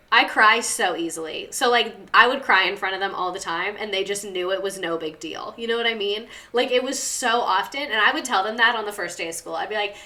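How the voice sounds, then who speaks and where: A woman's voice: mid-range voice, bright, forceful tone. A young woman hosting a casual livestream, chatty and rambling as she reads viewer stories and talks back to the chat. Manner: chatty, rambling, lots of "like" and laughs.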